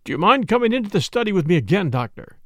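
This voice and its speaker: A man reading a brisk, blunt police inspector. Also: high voice, sing-song, no echo, studio quality. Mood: probing. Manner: blunt, questioning. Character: brisk middle-aged male police inspector. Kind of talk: audiobook character reading.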